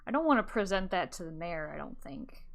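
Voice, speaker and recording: A woman's voice: on the low side, sing-song, fairly quick, vocal fry, soft background music. A woman chatting, laughing often and reading game text aloud while streaming with a friend. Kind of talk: casual game stream chat.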